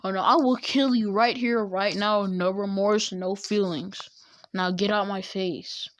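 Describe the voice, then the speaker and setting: A woman's voice: fairly even intonation, unhurried, no room sound, natural voice. A woman muttering as a cold, blunt teen boy ninja. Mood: threatening. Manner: threatening, dismissive, low mutter. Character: cold, blunt teenage male ninja fighter.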